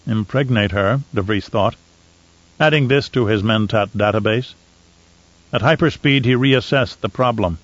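Brief: male audiobook narrator, steady mid voice, dry close read, slightly muffled. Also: mid-range voice, normal speed, no echo. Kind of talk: scripted narration.

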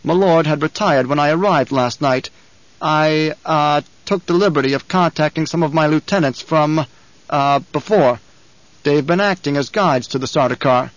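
A man's voice: on the high side, normal speed, dry recording, muffled recording, natural voice. A man voicing a brutish young nephew who is deferential, pushy and often interrupted. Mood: eager.

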